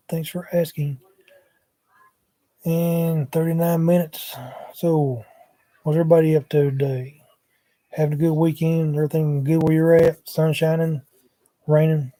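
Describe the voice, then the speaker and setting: A man's voice: on the high side, dark tone, dry recording. A man, rambling casually on a livestream from his couch at home, talking into a laptop microphone in a drawling, wandering way with muttered asides.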